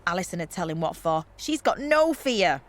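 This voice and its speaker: A woman's voice: lowish voice, very animated, moderate pace. An actress playing a brash, boozy young woman organising a party trip in a comedy radio play, cheeky and slangy.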